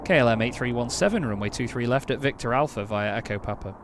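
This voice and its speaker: A man from England streaming an air traffic control game, chatting casually between crisp, clipped radio instructions. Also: medium pitch, fast. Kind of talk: casual live-stream chat mixed with radio calls.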